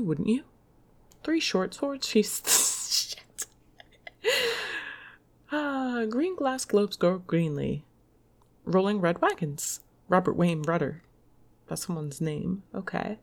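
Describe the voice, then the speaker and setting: A woman's voice: lowish voice, animated, normal speed, darkish tone. A woman reading tongue twisters aloud in a casual solo video, laughing and swearing at her own slip-ups.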